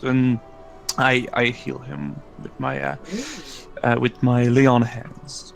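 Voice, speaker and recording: Slow, gravelly man at the table. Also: medium pitch, flat delivery, soft background music, poor audio. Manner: hesitant, stammering restarts. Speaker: player. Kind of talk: casual tabletop play. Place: online voice chat.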